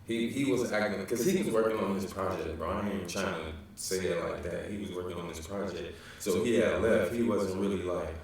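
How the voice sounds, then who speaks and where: Low, gravelly Chicago man in an echoey room. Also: brisk, few pauses, recorded from a distance, a little hiss or hum. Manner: loose, rambling, slangy, with many fillers. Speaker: storyteller. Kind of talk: casual storytelling.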